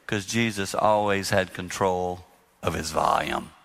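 A man giving a live marriage talk to an audience, speaking emphatically and dropping to a hushed voice when he quotes himself. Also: low voice, measured pace, vocal fry, big-room sound, crowd noise. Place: hall with audience.

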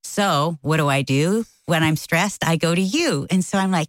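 A woman's voice: normal speed, few pauses, no room sound, poor audio. A middle-aged woman co-hosting a casual talk show, telling a story and acting out quotes with big jumps in her voice. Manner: animated, acts out quotes with big pitch jumps. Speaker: co-host.

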